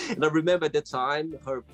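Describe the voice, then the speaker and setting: A man's voice: a little high, a little fast, fairly bright tone, soft background music. A male host of a casual interview show, friendly and teasing, who retells stories by acting out what people said.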